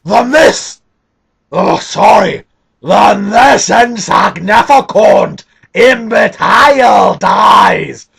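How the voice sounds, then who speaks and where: A man voicing a melodramatic villainous mastermind in a fan parody, shouting and breaking character to complain, with a raspy gravelly voice. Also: high-pitched, expressive, extremely slow, heavily acted. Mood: ranting villain. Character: ranting villainous mastermind, adult male. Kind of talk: fan parody audio drama.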